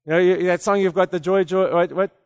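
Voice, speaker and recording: Preaching a sermon in a hall with long reverb, a high-voiced man talks quickly with fairly even intonation. His loose, conversational style stumbles over repeated words before rising to forceful declarations.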